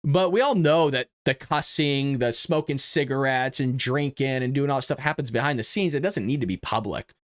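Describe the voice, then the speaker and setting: A man's voice: mid-range voice, moderate pace, hardly any pauses. A man hosting a casual political commentary livestream, talking in a chatty, conversational way. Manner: chatty, conversational, lots of "you know what I mean". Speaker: host.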